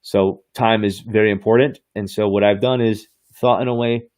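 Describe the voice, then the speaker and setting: A man with a fairly low voice hosts a podcast and demos software on screen. He talks in hyped, slangy sales patter and laughs often. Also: steady tone, normal speed. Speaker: podcast host. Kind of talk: screen-share software demo.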